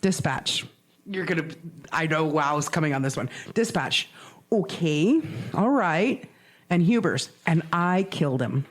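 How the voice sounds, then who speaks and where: Her low voice moves unhurriedly as she retells a true crime case alongside her podcast co-host. Lively and theatrical, she voices the quotes herself, swears, and keeps laughing.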